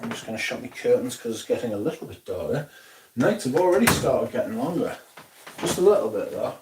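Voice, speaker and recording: A man runs a livestream from a room at home, rambling through casual chat and reading viewer comments aloud. He speaks in a mid-range voice, animated and brisk, over a noisy background.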